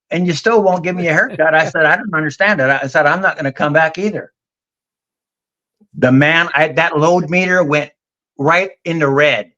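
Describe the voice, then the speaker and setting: A man's voice: on the high side, pushed and bright, lo-fi sound. A middle-aged man, telling a long story in a folksy, drawling way on a casual talk show. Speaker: guest on a vinyl community live show.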